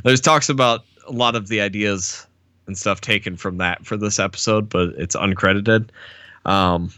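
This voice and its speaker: A man with a low voice that has a bright, forceful edge, co-hosting a podcast. He talks in an easygoing way, laughs often and hesitates with "uh". The recording is dry and close. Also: moderate pace, no room sound. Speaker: podcast co-host. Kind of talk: casual chat.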